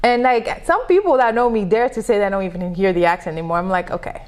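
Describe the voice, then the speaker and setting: A woman with a French accent, French her first language, chatting as a guest in a casual interview, animated and playful, repeating herself for emphasis. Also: mid-range voice, fast talker. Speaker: podcast guest, coach.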